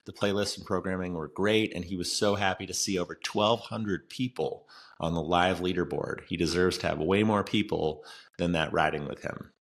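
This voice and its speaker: A man with a very deep voice co-hosts a casual podcast. He chats loosely and reads out listener picks. His sentences often trail off midway. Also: steady tone, normal speed. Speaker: podcast co-host. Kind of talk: casual news chat.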